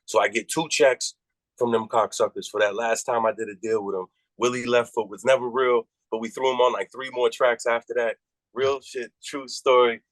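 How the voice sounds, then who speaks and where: A rapper from Massachusetts in his thirties tells a long story in loose, profane talk. His voice sits at a medium pitch and leaps up when he acts out his own reactions. The sound is close and dry, with no room around it. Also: normal speed, no echo, poor audio. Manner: animated, profane, jumps high in pitch on quoted reactions. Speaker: rapper guest. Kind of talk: casual storytelling.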